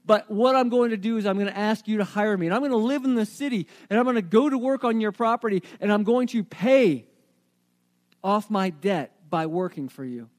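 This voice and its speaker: A man's voice: high voice, a little fast, lightly acted. A man voicing a repentant young son rehearsing an earnest, pleading apology to his father.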